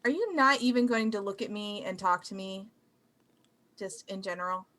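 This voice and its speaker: A chatty woman adventurer with dry sarcasm and rambling asides, as a tabletop player puts her on. Her mid-pitched voice is bright and forward. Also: moderate pace, lightly acted. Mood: sarcastic.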